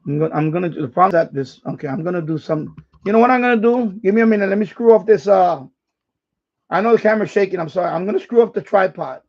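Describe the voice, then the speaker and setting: A high-sitting, slightly mellow male voice moves fast as he hosts a ham radio livestream. He casually demonstrates his equipment for viewers, rambling and restarting sentences along the way. The audio is lo-fi and dull.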